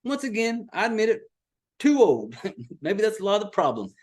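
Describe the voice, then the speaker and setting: A middle-aged man, exasperatedly recapping a movie in a profane, animated podcast rant. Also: high-pitched, normal speed. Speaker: podcast host.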